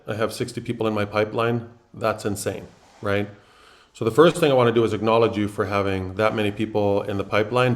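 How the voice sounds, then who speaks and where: A man hosting a coaching call, speaking emphatically and acting out people's reactions. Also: on the low side. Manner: emphatic, acts out others' reactions. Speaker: coach and host.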